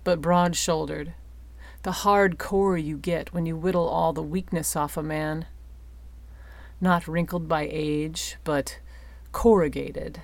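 Slow, low-voiced woman narrating. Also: creaky, dry recording. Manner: slow, deliberate storytelling. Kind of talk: audiobook narration.

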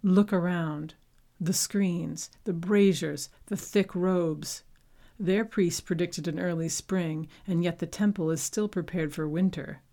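A grim, cold male warrior, as a woman puts him on speaks in short, menacing lines. He talks slow and a little low, with a commanding edge. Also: fairly even intonation, warm tone. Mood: urgent. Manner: terse, menacing.

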